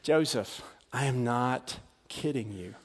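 Hushed young woman, as a preacher puts her on. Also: mid-range voice, slow pace, slightly rough, voice pushed down. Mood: pleading. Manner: hushed, pleading. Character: young woman Mary, earnest and fearful. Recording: long hall reverb.

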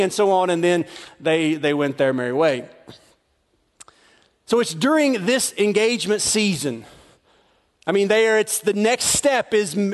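Man, pastor, sermon, high voice, long hall reverb. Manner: conversational, repeats words, dramatizes.

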